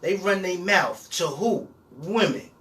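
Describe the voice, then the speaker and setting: Emphatic, somewhat high-voiced man guest. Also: measured pace, fairly bright tone, distant mic, low-quality recording. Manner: explaining, repetitive, emphatic. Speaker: podcast guest. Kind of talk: casual podcast chat.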